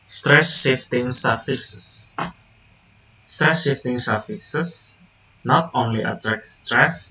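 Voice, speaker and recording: Slow, halting young man presenting. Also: medium pitch, sharp tone, recorded from a distance, low-quality recording. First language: Indonesian. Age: young adult. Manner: halting, with restarts and self-corrections. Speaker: student presenter. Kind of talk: reading a class presentation.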